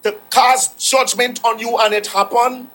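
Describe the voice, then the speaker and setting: A man's voice: extremely high pitch, fairly even intonation, measured pace, bright, forceful tone, rough recording. A man preaching a sermon, repeating phrases for emphasis and quoting scripture.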